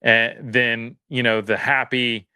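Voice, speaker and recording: A man with a bright, crisp voice talks as a guest on a podcast, earnest and motivational. He reworks his sentences as he goes and pushes the point about doing the work yourself. The recording is dry and close. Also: medium pitch, flat delivery, takes it slowly, no room sound. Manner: earnest, motivational, thinks aloud with many restarts. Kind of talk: casual interview talk.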